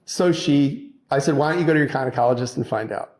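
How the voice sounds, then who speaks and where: A man, a lawyer, telling a story in a casual, animated way and acting out the quotes. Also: fast. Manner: animated storyteller, acts out quotes with raised pitch. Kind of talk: casual anecdote.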